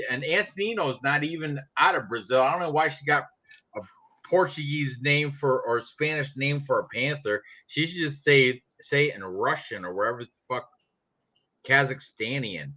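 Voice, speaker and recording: A man's voice: mid-range voice, pushed and bright. A man chatting casually about sports picks in a brash, profane, joking way. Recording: dull lo-fi sound.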